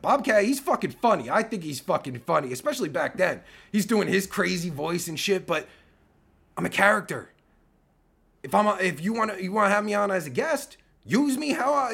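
Guy ranting on his stream, swears nonstop, trips over his words, raspy and gravelly. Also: high voice, fairly bright tone. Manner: profane, heated, stammering restarts. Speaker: live streamer. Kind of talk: angry rant on a live stream.

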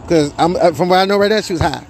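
High-voiced man ranting, rambling and profane. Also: quick pace. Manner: profane, rambling, repeats "you know what I'm saying". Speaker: father telling his side of a custody dispute. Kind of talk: casual storytelling monologue. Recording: faint music behind.

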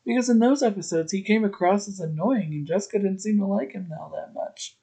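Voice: medium pitch, brisk, dark tone, husky. A podcast host casually recapping a TV episode, adding chatty, opinionated asides. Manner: retells scenes, briefly voicing the characters' lines.

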